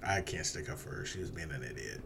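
A man's voice: rumbling low, expressive, quick pace, vocal fry, a bit bright, a little hiss or hum. A man in casual conversation, talking bluntly with strong opinions and casual swearing. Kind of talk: casual chat.

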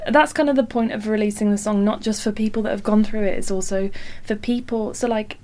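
A woman's voice: medium pitch, fairly even intonation, fairly quick, dark tone. Chatty self-deprecating woman. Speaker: singer-songwriter guest. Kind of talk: casual interview chat.

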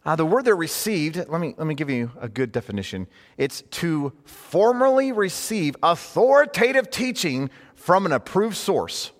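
A man's voice: a little high, sing-song, moderate pace, hardly any pauses. A man teaching in a conversational sermon style, earnest and informal, often rephrasing himself mid-thought. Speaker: preacher teaching a class. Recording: long hall reverb.

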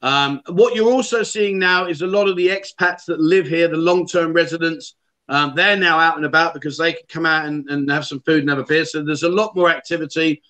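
A man's voice: fairly high pitch, brisk, sharp tone. A man hosting a livestream chat show, telling stories and reading out viewer comments. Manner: chatty storyteller, reads out viewer comments. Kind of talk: casual chat.

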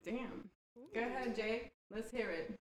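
A woman's voice: on the high side, a little slow, echoey room. A woman co-hosting a casual podcast, playful and laughing often. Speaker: podcast co-host. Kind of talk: casual chat.

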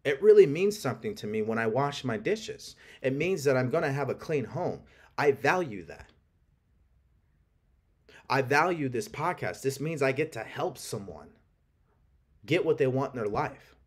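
A man's voice: medium pitch, expressive, normal speed, breathy edge. A man hosting a podcast, giving an emphatic motivational talk with a coaching tone. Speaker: podcast host.

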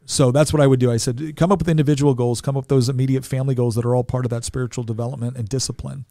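A man's voice: mid-range voice, steady tone, racing, creaky, mellow, dry recording. A man in his forties, a podcast guest, telling a personal story in an earnest way, often repeating words as he goes.

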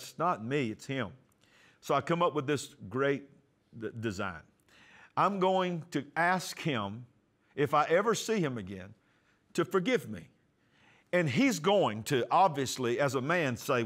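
A man's voice: mid-range voice, expressive, normal speed. Man pastor telling a personal story. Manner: storytelling, acts out dialogue, drops soft for prayers. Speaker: pastor and TV host. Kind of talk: personal testimony sermon.

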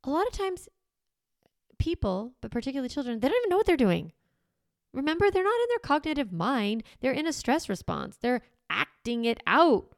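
Gravelly-voiced woman parenting coach. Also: high-pitched, normal speed, no echo, clean studio sound. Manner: lively, conversational, repeats steps for emphasis. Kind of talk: podcast coaching talk.

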